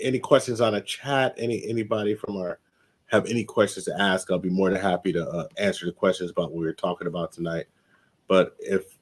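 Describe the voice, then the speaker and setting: A man hosting a casual live podcast stream, easygoing and prone to repeating himself as he runs the show. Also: deep voice. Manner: easygoing, repeats phrases, laughs often. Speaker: podcast host.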